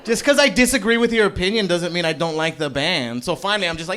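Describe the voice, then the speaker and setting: A man performing a live stand-up comedy set in a club, loose and profane, rambling with lots of fillers and shouting mock voices of angry people. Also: high-pitched, fast, hardly any pauses, a crowd in the background, background noise. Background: audience laughter.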